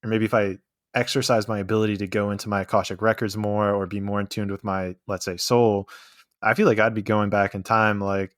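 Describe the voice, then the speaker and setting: A man hosting an interview, asking relaxed, rambling questions full of fillers. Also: on the low side, fairly quick, no echo, studio quality. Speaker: podcast host. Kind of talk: casual interview chat.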